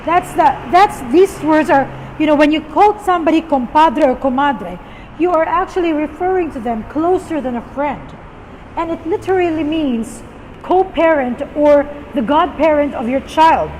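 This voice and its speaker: Woman, high voice, patient teacher-style delivery, reverberant room, faint traffic. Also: animated, moderate pace, darkish tone. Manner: patient, repeats words for listeners to echo. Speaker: storytelling teacher. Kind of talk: teaching vocabulary to viewers. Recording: long reverb with faint vehicle noise.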